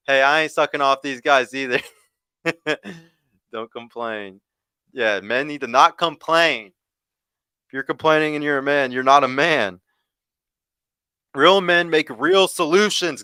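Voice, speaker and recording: A man's voice: medium pitch, sharp tone, clear, resonant tone, no echo. A young man, hosting a podcast livestream and ranting heatedly, stumbling over and repeating his words. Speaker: podcast host.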